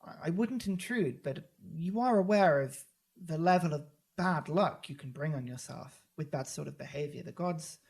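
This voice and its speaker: A man's voice: fairly high pitch, moderate pace, creaky, darkish tone, slightly rough. A man voicing a self-important human cleric who talks in a formal, politely wheedling way. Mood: pompous.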